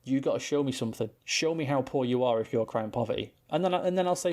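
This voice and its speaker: British male podcast co-host, mid-pitched, casual, sweary, ranting. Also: lively intonation, fast talker, darkish tone. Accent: British English. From Britain. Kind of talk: casual chat.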